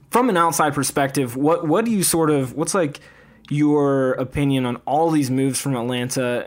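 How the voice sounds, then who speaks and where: A man co-hosting a casual sports podcast, eager and upbeat as he tells stories. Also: medium pitch. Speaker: podcast co-host. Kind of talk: casual chat.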